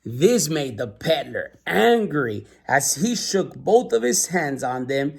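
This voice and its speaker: Male storyteller, slightly high voice, teacherly read-aloud with questions to kids. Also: very animated, slow, creaky, husky. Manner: asks listeners questions, patient and teacherly.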